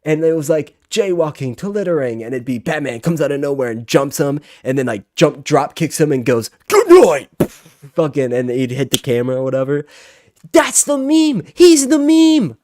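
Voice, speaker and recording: A man's voice: a little high, lively intonation, moderate pace, a little mellow, no room sound. A man in his twenties with a heated, profane, exasperated way of talking as he hosts a reaction video. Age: 20s. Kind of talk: ranting reaction commentary.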